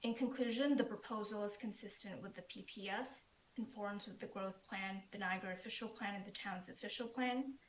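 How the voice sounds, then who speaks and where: A woman's voice: mid-range voice, a little fast, few pauses, slight background noise. A woman planner giving a formal prepared presentation, reading steadily through a report over a remote call. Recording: echoey remote call audio.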